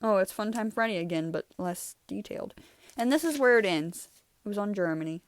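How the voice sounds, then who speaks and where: A young woman hosts her channel, casually chatting and rambling as she looks back over her old drawings, laughing often. Her mid-range voice is animated and fairly quick, recorded with no echo.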